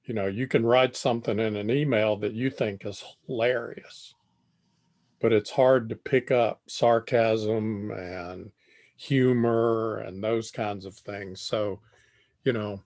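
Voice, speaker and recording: An older man giving a tutorial lecture on communication, speaking deliberately and repeating phrases as he thinks. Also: lowish voice, fairly even intonation, darkish tone. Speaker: tutorial presenter.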